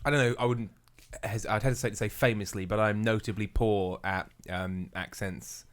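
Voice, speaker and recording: A man's voice: on the low side, steady tone, normal speed. A man guesting on a podcast livestream who speaks in a dry, teasing, self-deprecating way. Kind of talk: casual livestream chat.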